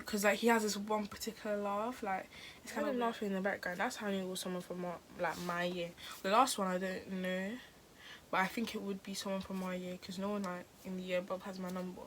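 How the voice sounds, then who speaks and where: A teenage girl vlogger tells a story to camera in a casual, rambling storytime chat full of "like" and restarts. Her mid-range voice is steady, fairly quick, and fairly bright, with slight background noise.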